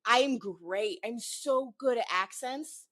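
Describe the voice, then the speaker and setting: A woman co-hosting a podcast who talks in a casual chat style, often laughing. She speaks in quick bursts. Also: on the high side, fairly bright tone. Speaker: podcast co-host and game master.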